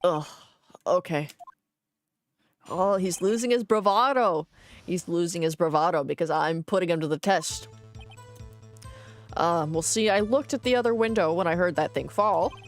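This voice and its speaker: A woman's voice: fairly low pitch, moderate pace, pauses often, faint music behind. A woman streaming a game in casual commentary, playful and cursing, reading the game's text aloud as she goes.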